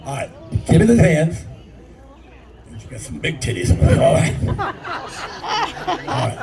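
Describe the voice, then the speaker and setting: An older man works a club crowd in a stand-up set, crude and brash. His voice runs high and swings up and down a lot. He sounds far from the mic, and a loud audience laughs behind him. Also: huge pitch swings, slow, vocal fry. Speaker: stand-up comedian. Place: live comedy club.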